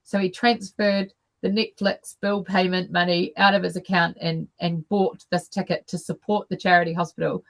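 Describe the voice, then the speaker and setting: A middle-aged woman tells a personal story to an online meeting over a video call, unhurried and full of fillers and restarts. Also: mid-range voice, creaky. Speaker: guest speaker.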